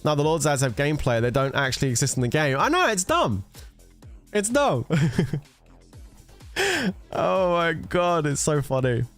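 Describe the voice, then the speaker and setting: A man's voice: on the high side, very animated, moderate pace, pauses often, fairly bright tone, soft background music. A man chatting casually with viewers on a gaming livestream, teasing and bantering with some swearing. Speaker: gaming streamer.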